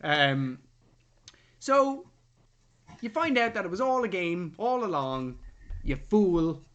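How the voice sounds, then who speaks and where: A man recaps a film on a casual review podcast. His voice sits high and bright, and it swings widely as he talks. He keeps dropping into mocking impressions of the characters. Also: big pitch swings, slow pace, dull audio. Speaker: podcast co-host.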